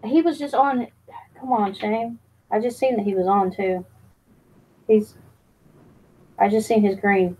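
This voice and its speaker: Woman streamer, casual live chat, teasing, jokey, reads chat out loud, lots of ums. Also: mid-range voice, steady tone, measured pace, pauses often, slightly rough, poor audio. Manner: fillers and restarts.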